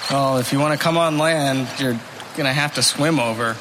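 A man's voice: medium pitch, moderate pace, background noise, natural voice. A man voicing a rude, dismissive island local with a slight rural accent in a comedy sketch. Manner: blunt and dismissive.

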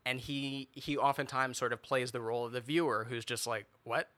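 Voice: medium pitch, fairly even intonation, brisk, a bit bright, no echo. A podcast co-host in casual chat, talking thoughtfully and hedging a lot.

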